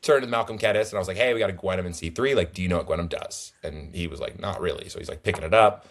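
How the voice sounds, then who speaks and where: A young man with a very low, deep voice tells his tournament story in a loose, rambling way. He jumps between thoughts and restarts his sentences, animated and conversational. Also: rapid-fire. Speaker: tournament player guest. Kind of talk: casual conversational recap.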